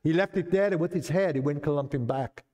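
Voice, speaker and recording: A man reciting a nonsense poem in a put-on Scottish accent, theatrically, climbing high and loud at the climaxes. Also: fast talker, close to an everyday voice. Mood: dramatic recitation. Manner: theatrical recitation, rising to near shouting at climaxes.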